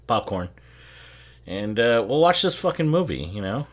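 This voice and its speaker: A man chats his way through a movie in a loose, rambling commentary, laughing often and swearing freely. His pitch bounces around in a lively, animated way as he sips bourbon between remarks. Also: normal speed. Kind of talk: casual watch-along commentary.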